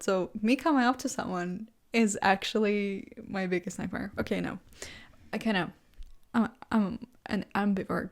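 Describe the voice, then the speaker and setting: A woman vlogger in casual thinking-out-loud chat, rambling with lots of "like" and restarts, and playful self-amused asides. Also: medium pitch, vocal fry. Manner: rambling, heavy use of "like", frequent restarts.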